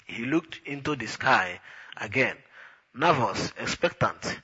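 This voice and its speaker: A man reading a novel aloud in a dry, unhurried storytelling manner. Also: mid-range voice, expressive, sharp tone, husky, muffled recording. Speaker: narrator. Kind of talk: audiobook narration.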